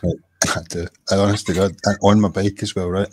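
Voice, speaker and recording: A man with a Scottish accent, a guest on a casual livestream, telling lively stories full of swearing. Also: low-pitched, fast talker, breathy edge. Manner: animated, sweary storyteller. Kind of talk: casual storytelling chat.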